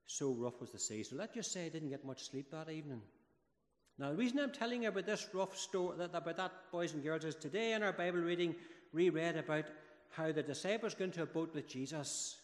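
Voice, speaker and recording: A man giving a children's talk during a church service, telling the story with lively, dramatic build-ups. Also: on the high side, a little fast. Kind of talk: children's sermon. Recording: echoey church hall with long reverb.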